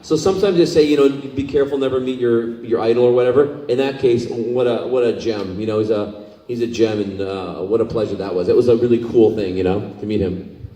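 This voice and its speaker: A man telling stories as a convention panel guest, lively and laughing often as he acts out what people said. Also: mid-range voice, fairly quick. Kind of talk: anecdotal storytelling on stage. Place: large convention hall. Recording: echoey hall, mic far off.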